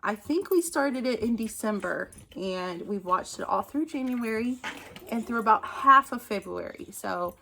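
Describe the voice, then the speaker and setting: A woman's voice: fairly high pitch, animated, measured pace, vocal fry, bright, forceful tone, slight background noise. A woman, chatting casually in a book vlog at home, talking into a phone camera, laughing often. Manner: chatty, laughs often, distracted by her dog. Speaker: book vlogger. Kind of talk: casual monthly favorites vlog.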